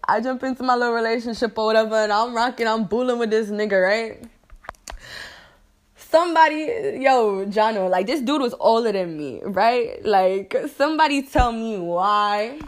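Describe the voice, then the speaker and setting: A young woman spinning a storytime tale in loose, slangy talk full of cursing. She laughs a lot and keeps checking in with her listeners as she goes, with a middle-pitched voice. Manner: slangy, profane and animated, laughs often, keeps asking "you dig?". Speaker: vlogger telling stories. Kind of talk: casual storytime chat.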